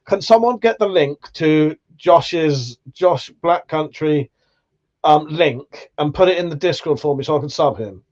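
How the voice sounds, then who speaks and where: A man's voice: on the high side, dull audio. A man hosting a casual livestream chat, rambling, swearing freely and laughing often. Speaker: livestream host.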